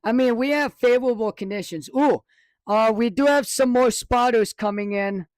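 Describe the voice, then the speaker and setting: At a moderate pace, a man with a high-pitched voice talks through a weather live stream from home, rambling excitably and backtracking to correct himself. He's recorded close on a desk mic in a dry room with no room sound.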